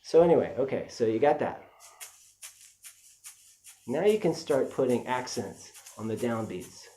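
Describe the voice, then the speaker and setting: Relaxed man teaching shaker basics. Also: medium pitch, measured pace, slight background noise. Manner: relaxed, chatty, with fillers. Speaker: music teacher. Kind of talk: casual instructional talk.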